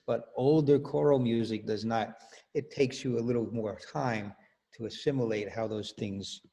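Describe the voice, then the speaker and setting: Choral director guy on a video call, slow and mellow, counts beats out loud. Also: medium pitch. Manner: explains patiently, counts beats aloud. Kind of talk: online music workshop.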